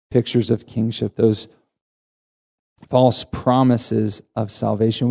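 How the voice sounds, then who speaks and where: Pastor guy giving a sermon, earnest and emphatic, slow warm voice. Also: mid-range voice.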